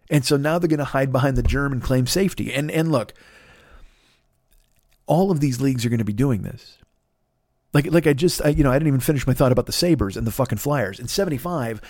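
A middle-aged man hosting a podcast, ranting angrily with constant swearing and acting out both sides of an argument in quick voices. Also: medium pitch, darkish tone, dry recording, clean studio sound. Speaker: podcast host. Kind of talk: profane ranting monologue.

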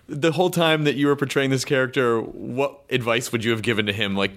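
A man's voice: medium pitch, fairly even intonation, quick pace, hardly any pauses, a bit bright. American male podcast host, mid voice, upbeat, jokey, loose. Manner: enthusiastic, joking, swears for emphasis. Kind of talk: casual interview chat.

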